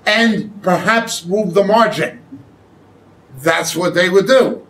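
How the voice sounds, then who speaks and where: A man giving sermon-style Bible teaching, explaining slowly and often checking with "okay?". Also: high-pitched, a bit bright, recorded from a distance, poor audio. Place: church hall.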